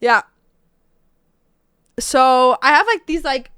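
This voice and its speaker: A woman's voice: high voice, moderate pace, a bit bright, smooth, dry recording, clean studio sound. A young woman in her twenties chatting on a casual livestream from home, rambling and packing her talk with fillers. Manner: rambling, filler-heavy, with many "like"s. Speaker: streamer. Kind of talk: casual stream chat.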